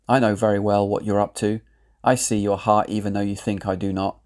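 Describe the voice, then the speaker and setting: A man, solemnly reading out a prophetic word in a measured, grave, declamatory way. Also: lowish voice, level tone, darkish tone. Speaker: lay prophet.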